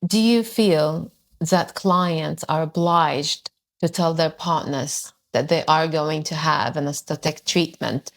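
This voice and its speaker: A woman's voice: deep voice, takes it slowly. A woman hosting a conversation podcast, asking direct, probing questions of her guest. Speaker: podcast host.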